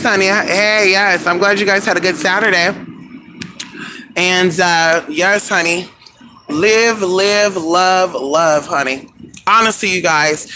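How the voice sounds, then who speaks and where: High-voiced sassy male vlogger, foul-mouthed, voice going, noisy in-car phone recording. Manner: sassy, profane, talks to viewers as "y'all" and "honey". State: losing his voice. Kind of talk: casual live-stream chat. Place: in a car at a gas station. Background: car and traffic noise.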